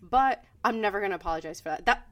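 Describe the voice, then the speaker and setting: A woman's voice: medium pitch, lively intonation, fast, a bit bright. A woman co-hosting a podcast in casual chat, blunt and frank and swearing freely. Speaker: podcast co-host.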